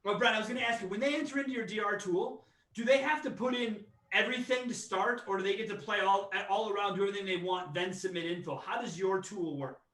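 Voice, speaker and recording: High-pitched podcast host dude, blunt sales talk, echoey room, sits back from the mic. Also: male voice, fast talker, a bit bright, far from the mic. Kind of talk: casual podcast conversation.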